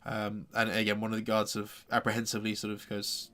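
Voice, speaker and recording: A man's voice: fairly low pitch, completely flat delivery, fast, sharp tone. A man narrating as game master of a tabletop game, hesitant and full of fillers. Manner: hesitant, many fillers and restarts.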